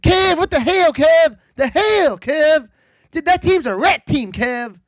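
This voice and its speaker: A man's voice: extremely high pitch, expressive, takes it slowly, dry recording, clean studio sound, voice pushed up, exaggerated voice. A man doing an impression of an exasperated male sports podcaster who keeps repeating a name.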